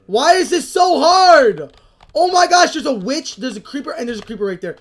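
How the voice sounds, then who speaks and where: Excitable young woman gaming, shrieking in panic. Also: high-pitched, normal speed. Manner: excitable, panicky, often shrieks and repeats herself. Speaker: gaming channel host. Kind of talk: casual gameplay commentary.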